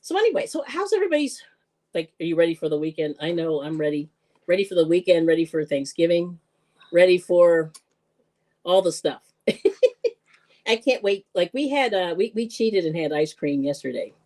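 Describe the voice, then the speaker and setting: A woman hosting a live-stream cooking show, chatting casually, laughing often and greeting viewers with excited squeals. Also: fairly low pitch, moderate pace.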